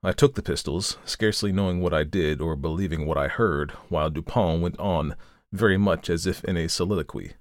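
A man narrating a classic tale in a steady, formal audiobook style. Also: low-pitched, a little fast, dry recording.

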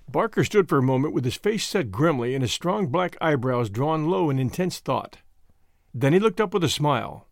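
A man narrating an audiobook in a measured storytelling manner. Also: fairly high pitch, animated, gravelly, dry recording, studio quality.

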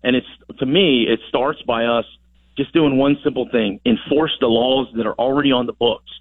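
A man's voice: medium pitch, fairly even intonation, moderate pace, no room sound. A man calling in as a congressman for a radio interview, talking in an emphatic, rallying way and repeating words for stress. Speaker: congressman as phone-in guest. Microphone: telephone. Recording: dry tinny phone line.

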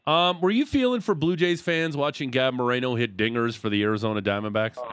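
A man's voice: mid-range voice, fairly quick, a bit bright, a little hiss or hum. A man hosting a sports radio show, bantering and teasing his co-host and guests with a jokey, laughing manner. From Canada. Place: radio studio. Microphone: studio microphone.

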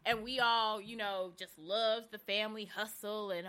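A woman co-hosting a podcast, chatting casually in slangy, animated fashion and laughing often. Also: medium pitch, moderate pace. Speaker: podcast co-host. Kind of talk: casual gossip chat.

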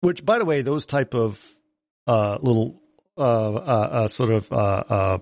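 A man chatting on a film podcast, retelling a movie's story in a loose, halting way full of fillers. He keeps breaking into quick quoted lines from the characters. His voice is mid-pitched and sits close to a dry, dead-sounding mic. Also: lively intonation, vocal fry, darkish tone, no room sound. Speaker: podcast co-host. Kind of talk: casual film podcast chat.

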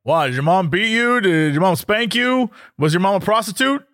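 A man reads out a brash male radio shock jock with a high voice. He fires off blunt, prying questions in an everyday way and hardly changes his tone. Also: animated, normal speed, a bit bright.

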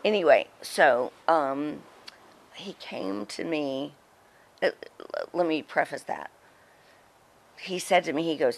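A middle-aged woman telling a story in a casual interview, animated and chatty, acting out what others said. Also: low voice, takes it slowly, long pauses. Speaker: guest, former wrestling personality.

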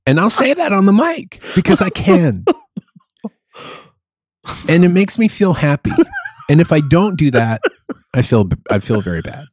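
A man's voice: fairly high pitch, very animated, unhurried, pauses often, darkish tone, slightly rough, no echo. A middle-aged man, a gigging musician, talking candidly and profanely in a casual podcast chat, often mocking himself. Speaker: musician who plays gigs.

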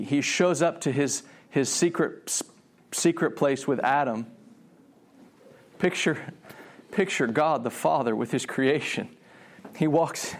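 A man preaching a sermon, animated, often restarting his phrases and acting out voices in the story. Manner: animated, acts out God's voice with rising pitch; frequent restarts and repeated words.

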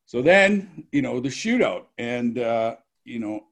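A man's voice: mid-range voice, sing-song, takes it slowly, a bit bright. A man as an interview guest, telling a story in a laid-back way. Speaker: guest, former hockey player. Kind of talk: casual storytelling.

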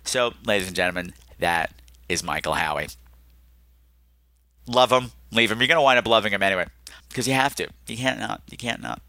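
A man hosting a podcast, telling a comic story in an animated way, swinging his pitch and pace widely. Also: brisk, long pauses, no echo, studio quality. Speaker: podcast host.

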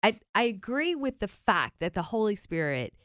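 A woman with a Southern US accent hosting a Christian morning radio show, animated and often laughing. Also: medium pitch, normal speed, no echo, clean studio sound. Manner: animated and laughing, reads devotionals. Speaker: radio host.

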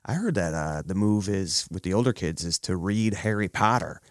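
A man in his thirties chatting on a podcast, telling jokey stories about his kids with lively put-on quotes. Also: sits low, normal speed, no echo, clean studio sound. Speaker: podcast co-host. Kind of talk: casual chat.

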